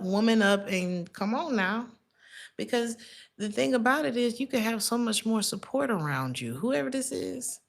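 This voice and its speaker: A woman's voice: on the high side, vocal fry. A woman giving a casual tarot reading, blunt and chatty, laughing often and calling listeners baby and honey. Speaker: tarot reader.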